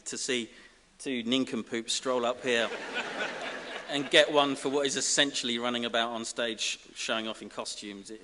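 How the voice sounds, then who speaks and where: A man from giving a self-deprecating, comic acceptance speech as an honorary graduate, halting over fillers. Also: mid-range voice, sharp tone. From Essex, England. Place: large ceremony hall. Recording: reverberant hall with faint hiss.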